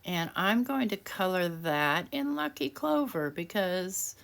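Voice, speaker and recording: Low-voiced chatty woman crafter. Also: expressive, slow pace, vocal fry, fairly bright tone. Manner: chatty, self-deprecating, laughs often. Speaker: craft tutorial host. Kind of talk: casual craft demonstration voice-over.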